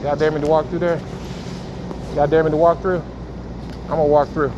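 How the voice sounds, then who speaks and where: A man's voice: a little high, level tone, fairly quick, dull audio. Teasing man vlogging in a store. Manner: teasing, playful, talks to passers-by. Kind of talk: casual joking chat with strangers. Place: indoor supermarket. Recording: noisy store background.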